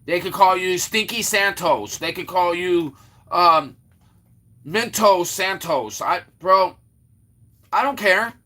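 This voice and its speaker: A man's voice: sits high, slow pace, pushed and bright. A man hosting a casual livestream, rambling with lots of fillers and restarts as he greets and teases viewers in the chat. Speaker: livestream host. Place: Florida.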